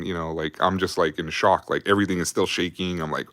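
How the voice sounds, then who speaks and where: A man's voice: low voice, fairly even intonation, normal speed, a bit bright, no echo, studio quality. A young adult man telling army stories on a livestream in a casual, rambling, profane way, laughing often. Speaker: livestream host.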